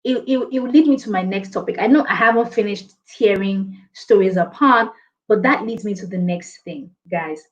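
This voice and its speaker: A woman's voice: mid-range voice, normal speed. A woman coaching an online class on presentations, reading out viewer comments and laughing often. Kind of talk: live online training session. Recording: dull lo-fi stream audio.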